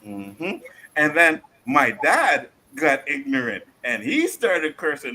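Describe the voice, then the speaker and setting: A man from Canada hosting a casual panel podcast, telling stories in a lively, profane way and acting out the quotes. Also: a little high, a little slow, slight background noise, poor audio. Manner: animated storytelling, profane, acts out quotes. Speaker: podcast host.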